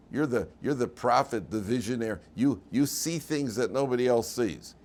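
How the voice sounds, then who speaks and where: This rabbi's weekly class feels like an informal classroom lecture, full of humor and questions put to his students. His voice is on the low side with a darkish tone.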